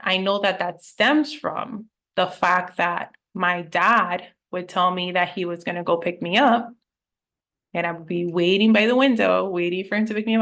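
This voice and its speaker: A woman's voice: fairly low pitch, a bit bright. A woman life coach in a casual podcast chat, telling personal stories candidly and with animation, swearing now and then.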